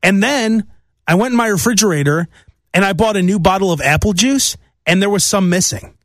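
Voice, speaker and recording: A man's voice: high voice, brisk, fairly bright tone, no echo, studio quality. A man hosting a solo comedic monologue, rambling through stories and mimicking voices. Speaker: podcast host.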